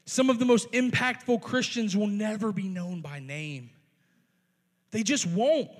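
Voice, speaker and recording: A man, a youth pastor, preaching a sermon in a conversational way, with playful asides and quick restarts. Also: high-pitched, husky. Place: church sanctuary. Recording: long reverb of a large hall.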